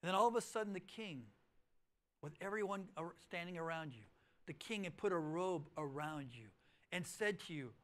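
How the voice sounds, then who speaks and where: A middle-aged male pastor with a high-pitched voice preaches in a church auditorium, telling his story at a moderate pace. His expressive delivery swings between loud, pressing emphasis and quiet, hushed lines.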